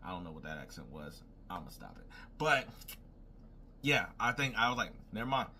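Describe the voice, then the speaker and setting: A man's voice: sits low, big pitch swings, normal speed, background noise. A young man talking casually, rambling and thinking aloud as he makes predictions and keeps repeating "I was like". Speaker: wrestling commentator making predictions. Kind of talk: casual solo talk.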